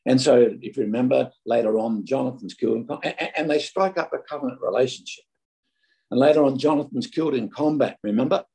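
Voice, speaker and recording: A middle-aged Australian man preaching a sermon, telling stories in a loose, conversational way and often tripping over and repeating his words. His voice is gravelly with plenty of fry. The tone is dark and mellow. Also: mid-range voice, brisk, low-quality recording. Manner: conversational, anecdotal, stumbling restarts.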